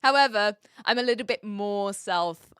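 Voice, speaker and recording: A woman's voice: mid-range voice, normal speed, fairly bright tone, smooth, no room sound, clean studio sound. A woman with a New Zealand accent, chatting on a live stream, reading out viewer questions and rambling with lots of fillers and restarts.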